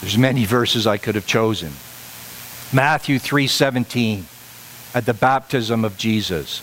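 A middle-aged man preaching a sermon, emphatic and repetitive, pushing his voice higher on the key points. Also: lively intonation, a little slow, fairly bright tone, rough recording. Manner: emphatic, repeats phrases for stress, rising to higher pitch on key points.

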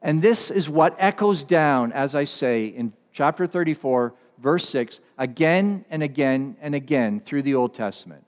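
A pastor preaching a sermon, stressing and repeating key words, swinging from loud declarations to hushed, low lines. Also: male voice, lively intonation, a little slow, hardly any pauses, in a large hall.

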